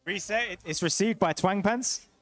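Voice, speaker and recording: A young man co-commentating a live esports match with steady, analytical play-by-play. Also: sits high, normal speed, no echo, faint music behind.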